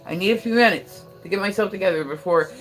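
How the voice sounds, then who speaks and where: A woman's voice: mid-range voice, quick pace, a bit bright. Woman streamer just chatting, rambly, laughs a lot, some faint music behind. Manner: rambling, many fillers, laughs often. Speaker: livestream host. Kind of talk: casual chat with viewers.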